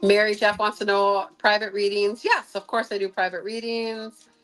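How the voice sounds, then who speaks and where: Woman, livestream host, sound healer, casual chat, rambling, middle pitch. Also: flat delivery, normal speed, fairly bright tone, faint music behind, rough recording. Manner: chatty, rambling, many "um" fillers.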